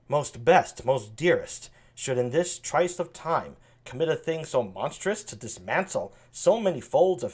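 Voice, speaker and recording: A soft-spoken young king, as a man reads him aloud: quiet and calm, yet sure of himself. Each line is delivered in an even, measured voice, as in a dramatic reading of an old play. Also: mid-range voice, breathy edge.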